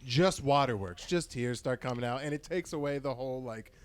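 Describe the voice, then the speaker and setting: A young man in casual podcast chat, loud and animated, breaking into high mocking voices. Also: a little fast. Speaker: podcast host.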